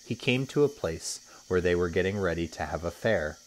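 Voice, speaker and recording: A man, a teacher, reading a children's story aloud with expressive storytelling. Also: low-pitched, moderate pace, slight background noise.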